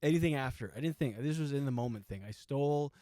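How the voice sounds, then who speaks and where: A man's voice: mid-range voice, fast, warm tone. A man in his forties telling a comic story, rambling and self-mocking, with lots of restarts and asides. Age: 40s. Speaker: comedian host. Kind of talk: comedic storytelling monologue.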